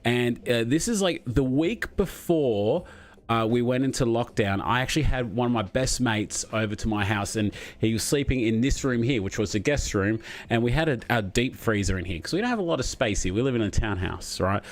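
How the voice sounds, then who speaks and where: A man's voice: mid-range voice, lively intonation, brisk. A man in his thirties with an Australian accent, rambling and chatting casually as a live-stream host from a spare room at home. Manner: rambling, chatty, laughs often. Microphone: desk microphone.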